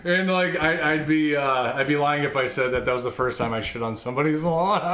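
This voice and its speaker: A man's voice: on the high side, a little slow, bright, forceful tone. Laughing, rambling man in an echoey room. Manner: laughs through crude stories, rambling with many fillers. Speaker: podcast co-host. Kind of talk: casual chat.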